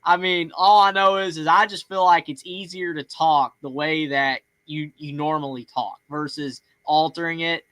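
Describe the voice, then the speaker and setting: A man's voice: a little high, steady tone, moderate pace, hardly any pauses, sharp tone, no room sound. A man with a Southern US accent hosting a call-in sports show, talking in a rambling casual way with plenty of fillers and restarts. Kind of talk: casual chat.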